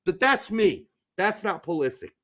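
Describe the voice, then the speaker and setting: A man's voice: high-pitched, big pitch swings, normal speed, fairly bright tone. A man co-hosting a casual sports podcast, ranting with heavy profanity and sudden explosive outbursts. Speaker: podcast co-host.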